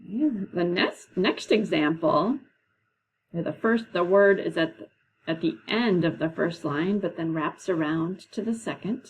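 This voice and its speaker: A woman teacher leading a classroom lesson, explaining patiently and slowly, with frequent "okay"s. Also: on the low side, expressive, slightly rough, low-quality recording. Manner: slow, patient, drawn-out explanations.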